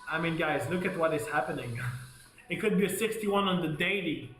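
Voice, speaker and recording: Bright-voiced man hosting a live trading stream. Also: high voice, normal speed. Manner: energetic, repeats "guys", laughs often. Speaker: livestream trading host. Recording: echoey room with faint music.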